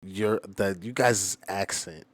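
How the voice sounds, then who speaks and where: An American man with a very low voice, talking loosely over a music video. He swears often and fills his sentences with "like" while he works out what he wants to say. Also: slow, no room sound. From United States. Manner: loose and profane, heavy use of "like". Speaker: rapper reacting to music videos. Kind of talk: casual reaction commentary.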